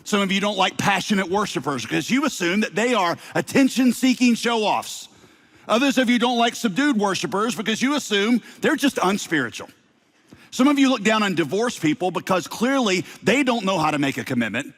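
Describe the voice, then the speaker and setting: Male pastor, middle-aged, slight Southern accent, higher-pitched voice, lively sermon delivery with jokes. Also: fairly quick. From Southern United States. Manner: lively preaching with playful asides.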